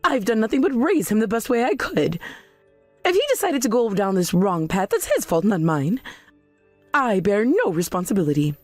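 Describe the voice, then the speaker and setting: A woman's voice: mid-range voice, big pitch swings, normal speed, no echo, faint music behind. A woman voicing an indignant middle-aged mother who refuses blame for her son's debt. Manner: indignant, defensive.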